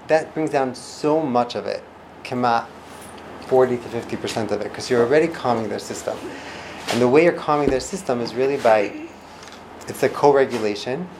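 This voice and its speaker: An instructor teaching parenting and communication skills gives an informal lesson on listening and calming people down. He's animated, acting out quoted reactions with big jumps in pitch, and he often restarts sentences or lets phrases trail off. Background noise is noticeable in the recording.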